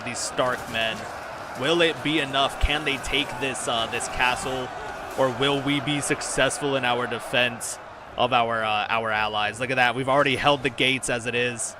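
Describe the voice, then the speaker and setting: Male streamer, mid pitch, excited casual play-by-play, noisy background. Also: moderate pace. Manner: excited, swears, lots of fillers. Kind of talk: casual gameplay commentary. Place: home room.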